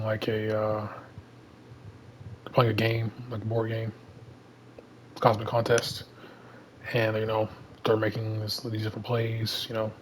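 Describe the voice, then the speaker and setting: Southern man, casual comic breakdown, rambly, fillers, flat monotone delivery. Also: lowish voice, a little hiss or hum, low-quality recording. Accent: Southern American. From Alabama. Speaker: comic reader and commentator.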